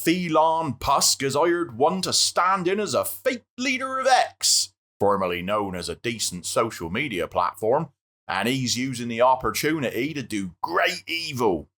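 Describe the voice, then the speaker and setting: A man's voice: mid-range voice, sing-song, a little slow, a bit bright. A man playing a self-important actor who delivers warnings and keeps repeating his own name. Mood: grave.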